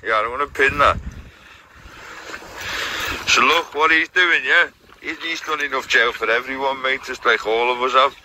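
A man hosting a live stream, chatting casually in rapid slang with many restarts. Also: medium pitch, fairly even intonation, sharp tone, a little hiss or hum, poor audio.

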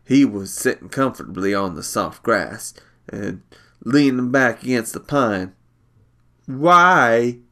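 A man reading a short story aloud, measured and unhurried. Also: fairly low pitch, animated.

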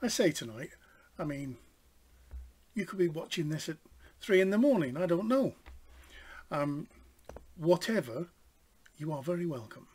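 A British man hosts an online folk evening from home. His voice sits a touch high and he takes his time. He rambles and pauses often with fillers. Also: animated, darkish tone, slightly rough. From Britain. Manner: rambling, hesitant, many fillers. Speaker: host. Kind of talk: relaxed introduction. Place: home, over a video stream.

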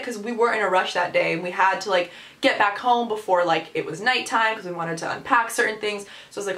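A woman in her twenties telling a story on her vlog in an animated, sarcastic way. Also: mid-range voice, fast, hardly any pauses. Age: 20s. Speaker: vlogger. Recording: echoey room sound.

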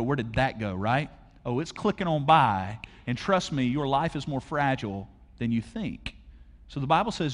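A man preaching a conversational sermon to a church audience, asking them questions directly. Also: a little high. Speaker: pastor. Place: large church auditorium. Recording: long hall reverb.

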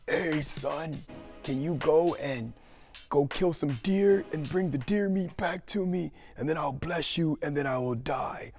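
Dude playing an old blind dad, slow and suspicious, kinda mellow. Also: male voice, fairly high pitch, slightly rough, soft background music, voice pushed up. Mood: slow doubting. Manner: slow, drawn-out, questioning.

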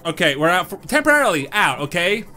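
A man giving live reaction commentary over gameplay, excitable, swearing, and talking back to the game. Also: high voice, fast talker, slight background noise. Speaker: gaming channel host. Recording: game music underneath.

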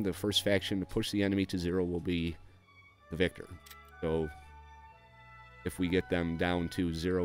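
A man with a deep, low-pitched voice talks through a strategy game in a relaxed walkthrough. He reads the on-screen text aloud, adding fillers and dry little asides along the way. Faint music plays behind him. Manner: frequent "uh" and "um" fillers. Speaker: gameplay video host.

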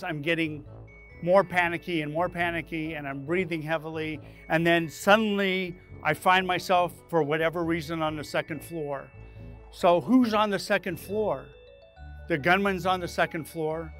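A man hosting his own leadership channel, telling a dramatic personal story to camera in an animated way, acting out his own panicked lines. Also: a little high. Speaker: leadership speaker and channel host.

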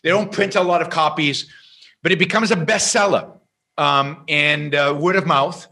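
Bright-voiced man telling a story. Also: a little high, normal speed, breathy edge. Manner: lively anecdotal storyteller with frequent restarts. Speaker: interview guest. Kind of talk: explaining and storytelling in conversation.

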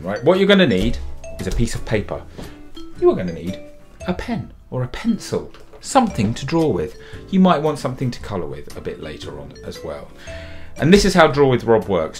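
Chatty man with a lively, low voice. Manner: chatty and upbeat, doubling words for emphasis. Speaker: children's author and illustrator teaching drawing. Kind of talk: friendly drawing tutorial for kids.

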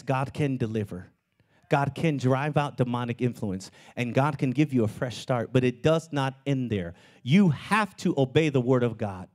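A man preaching a sermon as pastor of his church, with animated delivery that climbs into shouts. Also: medium pitch. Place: church sanctuary.

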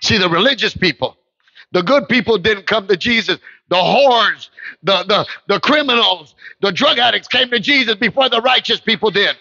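Male preacher, high and forceful, preaches with fire, shouts at peaks; dry, muffled livestream sound. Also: normal speed, creaky, no echo. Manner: impassioned, swings into shouts. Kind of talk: sermon with storytelling.

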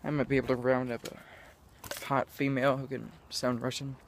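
A man's voice: mid-range voice, flat delivery, normal speed, slight background noise. Rambling, laughing young male vlogger. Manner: scattered, self-mocking, laughs often. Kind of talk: rambling casual vlog. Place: outdoors in sunlight.

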